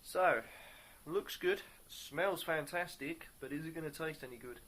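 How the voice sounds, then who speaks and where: A man reviewing a beer on camera in a casual, upbeat way, pausing often to search for words. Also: on the high side, a bit bright, a little hiss or hum. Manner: upbeat and enthusiastic.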